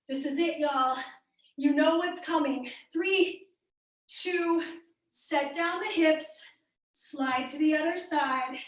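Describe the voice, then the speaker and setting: A woman's voice: high voice, slow, long pauses. A young woman with a Midwestern accent leading a live workout class, upbeat and encouraging as she cues moves and calls out class members by name. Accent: American Midwestern. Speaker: fitness instructor. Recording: echoey room, voice from far off the mic.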